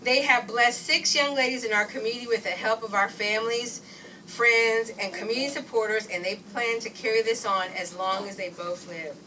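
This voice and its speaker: A woman presenting at a community event, reading a guest's introduction in a formal, measured way. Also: on the high side, steady tone, pushed and bright, a little hiss or hum. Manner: formal, measured list-like delivery. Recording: distant mic in a room.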